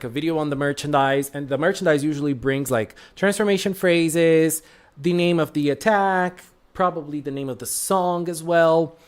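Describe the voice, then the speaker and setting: A slightly sick but excitable live streamer greets chat viewers by name in casual stream talk, speaking with a mid-range voice.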